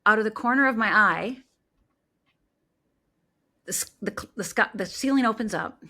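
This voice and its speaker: A woman's voice: mid-range voice, moderate pace, pushed and bright. A middle-aged woman, a life coach, telling a personal story in an interview and acting out the voices she quotes.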